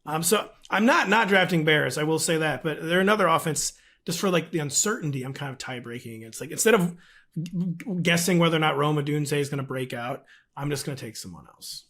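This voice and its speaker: A man's voice: on the high side, fairly quick, a bit bright. A man talking fantasy football as a podcast guest, rambling and self-deprecating with lots of fillers. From St. Louis region. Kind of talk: casual podcast chat.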